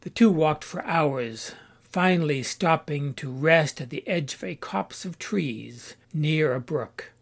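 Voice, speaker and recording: Calm man narrating a story. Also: on the high side, slow, creaky.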